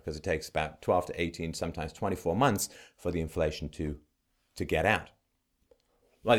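A man giving an emphatic, sarcastic opinionated monologue as a political commentator. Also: low-pitched.

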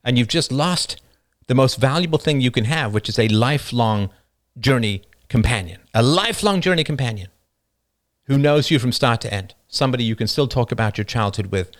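A man hosting a livestream, talking passionately and rambling through personal stories, often laughing at them. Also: a little fast. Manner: passionate, rambling storyteller who laughs at his own stories; acts out quoted people in a higher voice. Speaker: livestream show host. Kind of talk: unscripted monologue on a livestream.

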